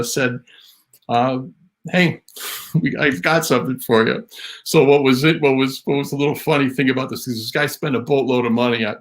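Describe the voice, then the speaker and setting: A man, a drum memorabilia historian, telling an anecdote as an interview guest in an animated way. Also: medium pitch, gravelly. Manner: animated storytelling, voice rises on quotes.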